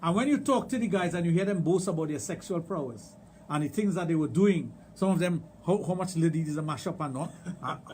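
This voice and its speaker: A man's voice: fairly high pitch, animated, brisk, darkish tone, slight background noise. A middle-aged man with a Trinidadian accent hosting a radio talk show, telling stories emphatically and repeating his points. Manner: emphatic, storytelling, repeats phrases. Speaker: radio show host, sexologist. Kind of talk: casual radio chat.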